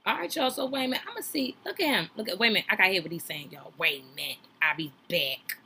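A woman's voice: medium pitch, animated, fast talker, gravelly, pushed and bright, slightly rough. Chatty woman reacting to reality TV. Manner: chatty, talks straight to viewers, slangy and playful. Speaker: reaction streamer. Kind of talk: casual reality-TV reaction commentary.

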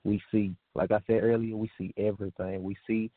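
Man, lowish voice, earnest repetitive tribute, dry phone-like audio. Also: level tone, brisk, no echo. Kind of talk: heartfelt spoken tribute. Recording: tinny dry phone-like sound.

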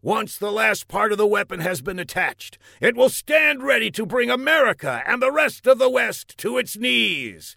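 A man voicing an excitable military general who briefs a hero in a comic story. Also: normal speed, vocal fry, few pauses, no room sound, clean studio sound, heavily acted. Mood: urgent. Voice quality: loud, high, animated. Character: blustering excitable male general.

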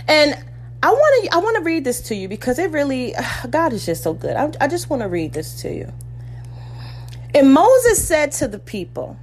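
A woman's voice: sits high, huge pitch swings, normal speed. A woman preaching a sermon, fervent and personal, acting out biblical voices as she retells scripture.

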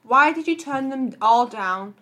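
A woman interviewing a guest, reading prepared questions carefully and halting on names. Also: high voice, lively intonation, a bit bright, slight background noise. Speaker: podcast interviewer.

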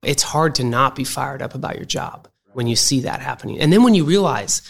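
A man's voice: mid-range voice, brisk, gravelly, slightly rough. A man, a company executive, talking through an interview and telling stories with energy. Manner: animated storyteller, acts out quoted people. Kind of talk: conversational interview.

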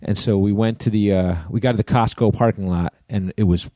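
A middle-aged man with a low, mellow voice tells a story in an easy, casual way, dry-witted and teasing, with the odd curse word. He is recorded close up and dry, with no room sound. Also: a little fast, no echo. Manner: wry, teasing, backchannels often. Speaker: podcast co-host. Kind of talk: casual chat.

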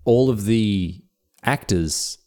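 A man's voice: fairly low pitch, takes it slowly, dark tone. A man in his thirties co-hosting a podcast in casual chat. He laughs often and restarts his sentences. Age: 30s. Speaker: podcast co-host.

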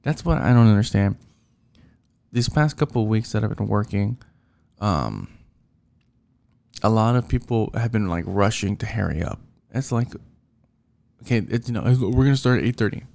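Guy venting about work, gravelly dark voice, rambly and annoyed. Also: fairly low pitch, lively intonation, moderate pace, pauses often. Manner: rambling, frustrated, lots of fillers and restarts. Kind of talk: casual rambling rant.

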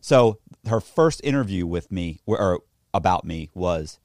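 A man with a lowish voice recounts his own past in a loose, profane way and gets heated as he quotes people. The sound is dry and close, with no room around it. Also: measured pace, no room sound. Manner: profane, animated, indignant retelling. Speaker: interview guest telling his own story. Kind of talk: casual storytelling, reacting to a documentary clip.

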